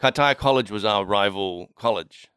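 A man's voice: on the low side, normal speed, a bit bright, clear, resonant tone, dry recording, studio quality. A young man with a New Zealand accent, co-hosting a casual chat, laid-back, laughing often and leaning on fillers. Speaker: podcast co-host.

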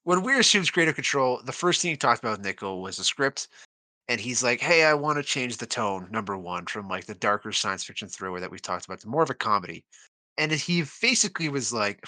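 A young man co-hosts a laid-back movie podcast, talking in an animated, joking way and laughing easily. His voice is very bright, and his pitch swings widely. The sound is dry and close. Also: no room sound. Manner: animated, laughs often, jokey. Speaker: podcast co-host. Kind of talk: casual film podcast chat.

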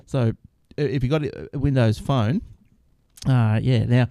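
A rambling man hosts a casual tech show, his voice mellow and darkish. The sound is dry and close, with little room to it. He restarts sentences often and laughs along as he goes. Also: mid-range voice, unhurried, no echo. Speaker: podcast host.

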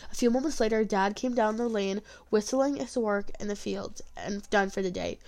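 A woman's voice: medium pitch, moderate pace, a little mellow. Brief: woman narrator, earnest storybook reading.

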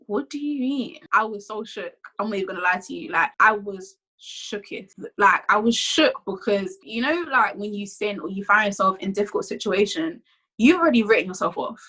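A woman's voice: mid-range voice, bright, forceful tone, low-quality recording. A young woman giving a candid, conversational faith testimony, often saying "like".

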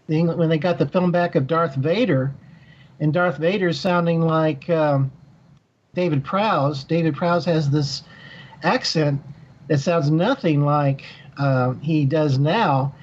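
A man's voice: a little high, a little mellow. A man talks through a long answer in a slightly raised voice, full of ums, uhs and restarts. His sound is a bit dull and muffled. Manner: rambling, many fillers and restarts. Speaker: author guest. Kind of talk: conversational interview.

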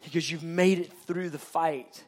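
A man with a notably high voice preaching a sermon. He hammers points home through repetition and rhetorical questions, emphatic and direct. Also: fairly even intonation, moderate pace.

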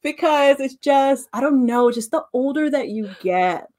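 Co-hosting a podcast, a woman in her late thirties spins stories in relaxed chat, animatedly imitating each voice she quotes. She speaks at a measured pace in a high-pitched voice.

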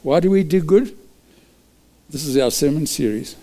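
Male preacher, fairly high and mellow, punchy repeated calls to act. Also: moderate pace. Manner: lively, repeats short exhortations, chuckles often. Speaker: pastor. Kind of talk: sermon.

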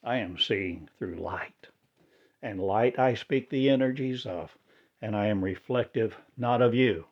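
A man delivering a rambling spiritual monologue in halting, oddly inverted phrasing. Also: on the low side, lo-fi sound.

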